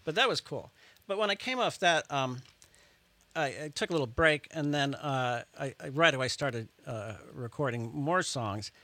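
A man speaks as a guest in a studio interview, his voice bright and forward. He rambles, stacking fillers and restarting sentences as he goes. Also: a little high, expressive, moderate pace, dry recording. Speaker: musician guest. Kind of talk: casual interview chat. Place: radio studio.

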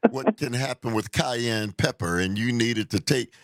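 A man with a gravelly, fry-laden voice at a middle pitch, hosting a radio interview. He stammers into his questions and stories with repeated restarts. The sound is dry and close. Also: measured pace, no echo. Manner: stammering restarts, laughs easily. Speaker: radio host.

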